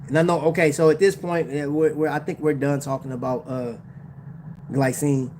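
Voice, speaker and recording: A man's voice: fairly high pitch, little pitch movement, moderate pace, a little mellow, a little hiss or hum. A man hosting a casual livestream about watches, talking in slang, laughing often and addressing his chat. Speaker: watch channel host.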